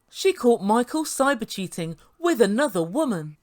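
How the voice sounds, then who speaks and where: Woman picking apart a reality show, sarcastic, slightly high voice. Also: sing-song, moderate pace. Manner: sarcastic, mimics the people she quotes. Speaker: reality TV reviewer. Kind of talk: commentary.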